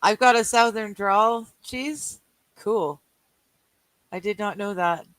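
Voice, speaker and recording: A woman's voice: mid-range voice, takes it slowly, a bit bright, dry recording, low-quality recording. A Canadian woman co-hosting a live game night, reading chat aloud, joking and laughing often while she plays cards. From British Columbia, Canada. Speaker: livestream co-host. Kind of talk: casual chat while playing a card game.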